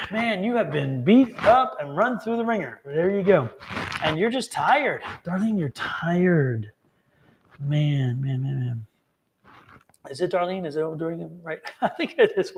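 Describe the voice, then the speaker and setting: A man giving live-streamed tarot readings, talking in an animated, emphatic way and repeating phrases for emphasis. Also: a little high. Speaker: tarot reader and psychic.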